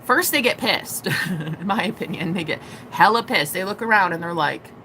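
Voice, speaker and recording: Young woman, tarot streamer; bright, forceful delivery, profane and theatrical, slight background noise. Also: on the low side, moderate pace. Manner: animated, profane, acts out quoted voices. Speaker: tarot reader. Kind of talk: live-stream tarot reading.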